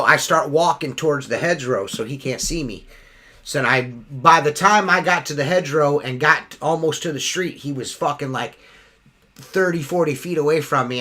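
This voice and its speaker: A man's voice: on the high side, bright, forceful tone. A man hosting a casual podcast chat, telling stories as a profane, ranting storyteller. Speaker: podcast host.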